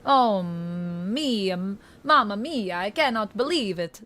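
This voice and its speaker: An excitable, theatrical Italian voice, as a woman streamer puts it on, full of exclamations and big reactions. The accent is broad and cartoonish, pitched in a middling range and pushed for comedy over a live horror game. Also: slow pace. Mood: playful. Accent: put-on Italian. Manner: hammy, exclaims often. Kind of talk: gaming livestream banter.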